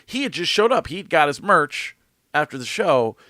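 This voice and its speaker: Animated, swearing male podcast co-host. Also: on the high side, moderate pace, no room sound, studio quality. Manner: animated storytelling, swearing, acts out quotes. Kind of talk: casual chat.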